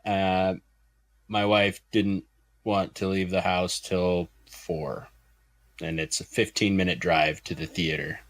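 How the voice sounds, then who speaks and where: Man, low voice, dry close sound, rambling storyteller, podcast chat. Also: level tone, takes it slowly, no echo. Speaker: podcast co-host. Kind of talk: casual chat.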